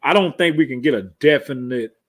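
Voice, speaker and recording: A man's voice: mid-range voice, fairly quick. Laid-back man co-hosting a podcast. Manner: laid-back, loose, playful trash talk. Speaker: podcast co-host. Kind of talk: casual chat.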